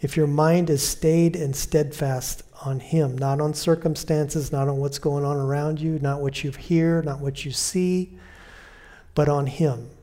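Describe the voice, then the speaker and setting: Mellow-voiced man preaching a sermon. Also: fairly high pitch, steady tone. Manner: conversational preaching, repeats phrases, fillers and restarts; slows and softens when quoting Scripture.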